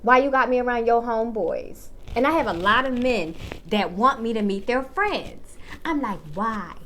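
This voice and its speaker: A woman's voice: on the high side, lively intonation, normal speed, a bit bright, a little hiss or hum. A woman in her thirties giving casual dating advice straight to the viewer, blunt and full of swearing. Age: 30s.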